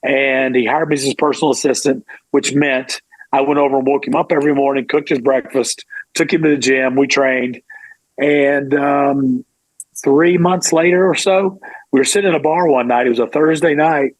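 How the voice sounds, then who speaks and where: A middle-aged man, a former pro wrestler, telling a lively story in an interview. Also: medium pitch, moderate pace, dry recording, poor audio. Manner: animated, acts out quoted voices.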